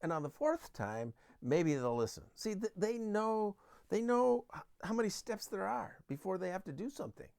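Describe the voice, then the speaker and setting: A man's voice: high-pitched, sing-song, normal speed, vocal fry, darkish tone. A man giving an earnest Christian parenting talk that uses Bible verses and everyday examples.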